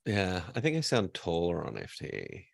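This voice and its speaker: A man's voice: low-pitched, huge pitch swings, normal speed, creaky, dry recording. A man co-hosting a casual livestream, laughing often and joking at his own expense. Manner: giggly, self-deprecating banter. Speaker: podcast co-host. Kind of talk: casual pre-show chat.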